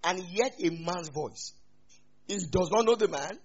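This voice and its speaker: Nigerian male pastor, husky and a bit high, humorous sermon, lo-fi sound. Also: moderate pace. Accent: Nigerian, Yoruba-speaking. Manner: humorous, mixing in Yoruba asides, lively swings in loudness.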